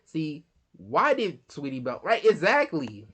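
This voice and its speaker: Streamer, male, fairly high voice, slangy casual reactor who keeps talking back at the screen. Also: huge pitch swings, unhurried, a bit bright, slightly rough. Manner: slangy, exclaiming, calls out "bro" at the screen.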